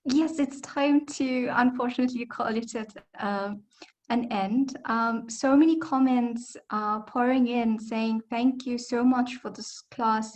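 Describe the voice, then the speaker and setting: A woman moderating an online class, reading out comments in a hesitant way with many fillers. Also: a little high.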